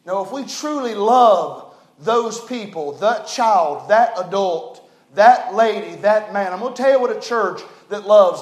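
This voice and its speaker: A pastor preaching with fervor, his voice sitting high for a man. He swings between ringing emphasis and near-whispered tenderness. The sanctuary around him is roomy and echoey. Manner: fervent preaching, swings from loud to hushed. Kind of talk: sermon. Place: church sanctuary.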